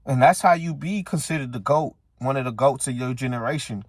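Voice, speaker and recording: A man's voice: mid-range voice, a little fast, dry recording, clean studio sound. A man hosting a sports channel, ranting casually and heatedly at his viewers, repeating his points. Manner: heated, repetitive, talks straight to viewers. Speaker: sports commentary channel host. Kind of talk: casual sports opinion rant.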